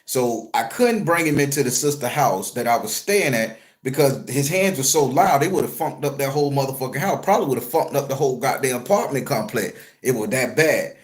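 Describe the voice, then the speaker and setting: A man who works as a spiritual reader, telling a story to his viewers in an animated, profane, conversational way. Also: medium pitch, a little fast, hardly any pauses. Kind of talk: storytelling vlog.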